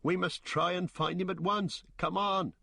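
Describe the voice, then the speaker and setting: A man's voice: lowish voice, unhurried, a bit bright, slightly rough, dry recording, studio quality, heavily acted. A man voicing a loyal, stout-hearted male hobbit servant with blunt, rustic speech. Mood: urgent.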